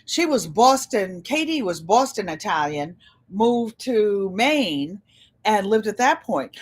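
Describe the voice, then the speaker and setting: A woman's voice: medium pitch, big pitch swings, slow pace. A woman in her seventies with a Connecticut accent, chatting and telling stories to viewers on a live stream from a room at home. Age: 70s. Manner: chatty storyteller, addresses viewers as "you guys". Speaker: channel host. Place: indoor room with a large air conditioner. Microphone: computer.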